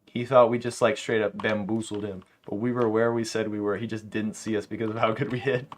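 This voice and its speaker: A young man streaming a game late at night, chatting casually to his viewers and telling animated, slangy stories. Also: on the low side, a little fast, slight background noise. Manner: animated storytelling, slangy, laughs often. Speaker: live streamer. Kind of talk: casual livestream chat while gaming.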